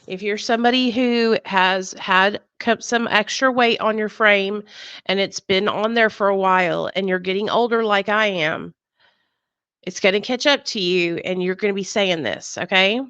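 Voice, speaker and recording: A woman's voice: medium pitch, normal speed, fairly bright tone, clean tone, muffled recording. A woman hosting a casual live chat, talking bluntly with frequent swearing and laughter over a video call. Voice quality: blunt, profane, laughs often. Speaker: podcast host.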